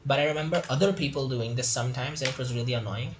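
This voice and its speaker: A man's voice: mid-range voice, fast, music in the background. A man giving casual, chatty gameplay commentary while playing through a game tutorial and reading its tips aloud.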